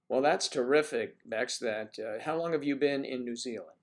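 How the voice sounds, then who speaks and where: A man's voice: medium pitch, normal speed, few pauses. A man hosting a livestream, chatting casually with viewers in a rambling, teasing way. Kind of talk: casual chat.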